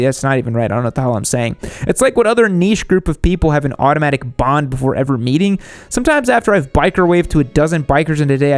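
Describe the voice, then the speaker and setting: A man hosting a motorcycle channel, narrating a scripted comedy bit in a deadpan style that jumps into animated outbursts. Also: fairly high pitch, fast talker, dry recording, faint music behind. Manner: deadpan jokey delivery with sudden animated outbursts.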